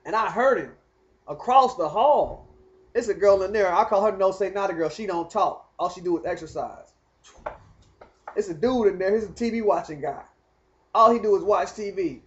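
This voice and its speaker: High-voiced man telling a rambling story. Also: normal speed, muffled recording. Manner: animated, talks straight to the viewer, keeps asking "you know what I mean". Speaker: vlogger telling his story.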